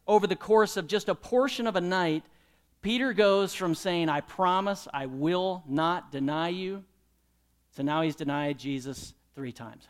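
A man, a pastor, preaching a sermon and drawing in his congregation with questions and call-and-response. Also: a little high.

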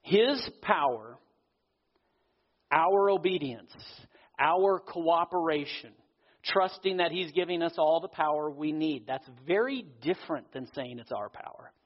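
Male pastor, sermon, earnest, slightly high voice, long hall reverb, dull audio. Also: lively intonation. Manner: earnest preaching, with pauses and slowed emphasis.

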